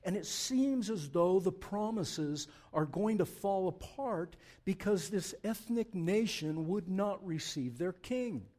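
Animated, mellow-voiced man preaching. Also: sits high, takes it slowly, few pauses. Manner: conversational, animated, emphatic preaching. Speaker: pastor. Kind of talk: sermon. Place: church.

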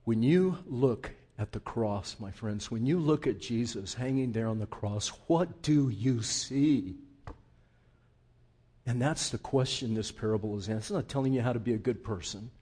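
A man's voice: mid-range voice, a little fast, hardly any pauses, mellow, slightly rough. A man preaching a sermon as pastor, full of rhetorical questions and rising outbursts.

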